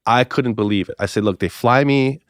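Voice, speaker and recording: A middle-aged man tells a story, his voice sitting at an ordinary mid pitch. He acts out the dialogue with big upward jumps in pitch. The sound is dry and close. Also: a little fast, no echo. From Hawaii. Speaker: pastor. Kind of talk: casual storytelling podcast interview.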